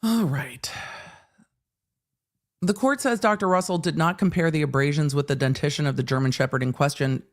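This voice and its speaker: A woman's voice: sits low, normal speed, long pauses. A woman hosting a live legal commentary stream, ranting with swearing and acting out courtroom exchanges. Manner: animated ranting with profanity and acted asides. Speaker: host.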